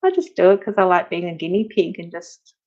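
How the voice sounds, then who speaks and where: A woman's voice: on the low side, sing-song, a little fast, dull audio. A woman chatting casually on a live stream as a guest, reading out viewer comments and talking about her own progress.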